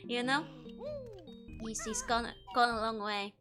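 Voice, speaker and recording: A woman's voice: a little high, steady tone, unhurried, fairly bright tone. A young woman with a Dutch accent, a native Dutch speaker, chatting and giggling through casual gameplay commentary as a streamer and answering her chat. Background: game music.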